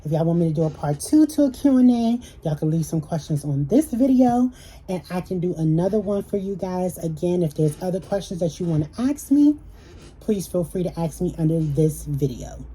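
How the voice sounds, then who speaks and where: A woman's voice: on the low side, big pitch swings, a little fast, dark tone, husky, rough recording. A young woman, chatting with viewers in a casual Q&A vlog and telling stories. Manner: chatty, storytelling, addresses viewers as y'all. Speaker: YouTuber.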